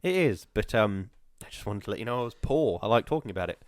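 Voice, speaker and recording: A man co-hosting a podcast, telling self-mocking stories in casual, animated banter. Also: lowish voice, quick pace, no echo. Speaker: podcast co-host.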